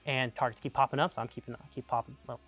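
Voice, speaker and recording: On a lo-fi recording with soft music behind him, a young army veteran from Tucson, Arizona, talks very fast in a mid-range voice. He spins casual anecdotes in a chatty, animated style, constantly saying "like" and restarting sentences.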